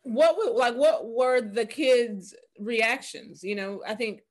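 A woman host talks in a conversational way. She picks up her guest's story, sums it up and draws her own conclusions with clear opinions. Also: a little high, takes it slowly. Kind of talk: conversational commentary.

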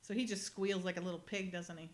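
A woman's voice: on the low side, fairly even intonation, fast. A woman co-hosting a podcast, chatting casually and laughing as she acts out lines from a TV episode. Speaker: podcast co-host. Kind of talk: casual chat recapping a TV episode.

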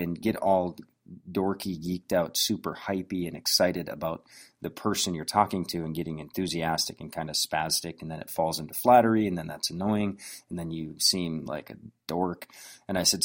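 Deep-voiced man giving a sales pep talk. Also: moderate pace. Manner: conversational, anecdotal, with frequent restarts. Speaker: business owner coaching on sales. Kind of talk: motivational business talk.

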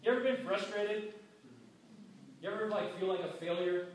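A man preaches a sermon in a loose, conversational way and slips into the voices of the people in his story. His voice sits fairly high. He is recorded from a distance in a very echoey church hall. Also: normal speed, a little hiss or hum. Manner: conversational, acts out quoted voices. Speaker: pastor. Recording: very echoey hall, mic far off.

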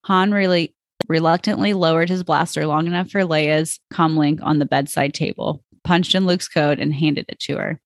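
A woman host reads fan fiction aloud in a plain storytelling voice, stumbling now and then. Her voice has a gravelly fry, and the recording is dry with no room sound. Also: deep voice, fairly even intonation, moderate pace, no echo. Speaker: podcast host.

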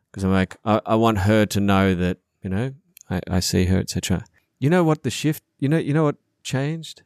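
Podcast host, man, low-ish voice, earnest and profane, dry close sound. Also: moderate pace, darkish tone, dry recording. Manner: earnest, repetitive, swears a lot. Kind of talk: casual podcast chat.

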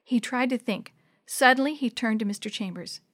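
A woman reads a children's book chapter aloud in a clear, expressive storytelling voice. Her voice sits a bit high. The recording is close and dry. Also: normal speed, dry recording. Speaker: narrator. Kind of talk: scripted narration of a children's book.

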